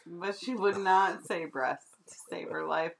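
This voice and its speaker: A woman co-hosting a podcast in casual chat, chatty and quick to laugh. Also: fairly low pitch, gravelly, a little hiss or hum. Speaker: podcast co-host.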